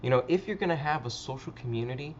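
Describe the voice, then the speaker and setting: A man's voice: mid-range voice, expressive, fast talker, muffled recording, slight background noise. A man hosting a casual livestream chat, rambling with frequent stammers and swearing. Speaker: livestream host.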